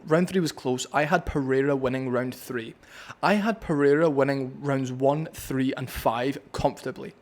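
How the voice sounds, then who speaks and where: A man's voice: medium pitch, moderate pace. A man with a Scottish accent breaking down a fight on his vlog, blunt, opinionated and profane. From Scotland. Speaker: MMA commentator.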